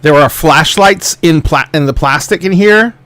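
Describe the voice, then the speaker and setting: A man narrating as game master, describing a scene with casual, halting wording. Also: a little high, a bit bright, no echo.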